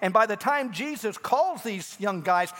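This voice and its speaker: A man preaching a sermon as pastor, telling a Bible story and acting out the speakers with big swings in pitch. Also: expressive, measured pace, fairly bright tone. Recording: long hall reverb.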